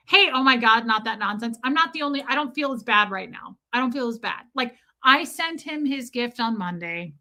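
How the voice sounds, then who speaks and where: A woman's voice: fairly high pitch, pushed and bright. A woman in her thirties hosting a live stream, chatting casually, telling a story with exaggerated quoted voices and reading out viewer comments. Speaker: livestream host.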